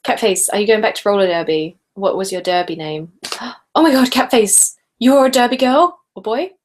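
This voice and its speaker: Woman, late twenties, live-stream host, casual chat, giggly, reads out viewer comments, mid pitch. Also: normal speed, a little hiss or hum. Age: late 20s. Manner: chatty and giggly, often laughing mid-sentence. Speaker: ASMR channel host.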